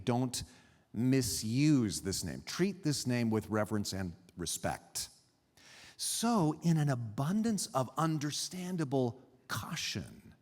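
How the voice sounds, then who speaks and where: Animated pastor in a reverberant hall. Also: male voice, mid-range voice. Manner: animated, teaching with pauses and emphasis. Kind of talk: sermon. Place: church sanctuary.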